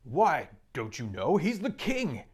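A man's voice: on the high side, wildly swooping pitch, slow, slightly rough, voice pushed up, heavily acted. A man voicing a stern male beaver from a storybook, speaking emphatically and insistently. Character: stern, excitable male beaver, a talking animal.

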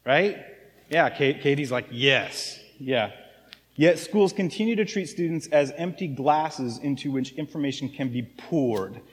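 A man preaching a sermon to his congregation in a relaxed, conversational way, often checking in with "right?". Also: a little high, a little slow. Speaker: pastor. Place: church sanctuary. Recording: long hall reverb.

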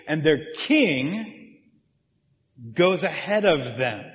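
A male pastor with a somewhat high voice preaches a sermon and speaks straight to the congregation in an easy, chatty way. His voice carries a long reverb from a big church hall. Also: expressive, measured pace, pauses often. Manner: conversational preaching that engages the congregation.

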